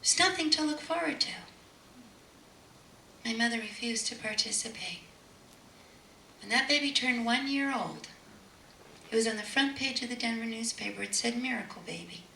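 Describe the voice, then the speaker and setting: Woman speaker, bright and gravelly, emphatic storyteller repeating key words, distant mic in a roomy hall. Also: fairly high pitch, expressive, moderate pace, long pauses. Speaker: spiritual speaker. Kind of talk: inspirational lecture with storytelling. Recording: echoey room, distant mic, faint noise.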